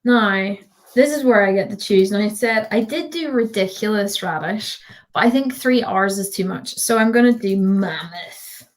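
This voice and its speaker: Give me a chatty woman walking viewers through a design tutorial on a video call, her voice at an ordinary middle pitch. She keeps up a giggly, filler-heavy patter as she works. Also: moderate pace. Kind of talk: live online design tutorial.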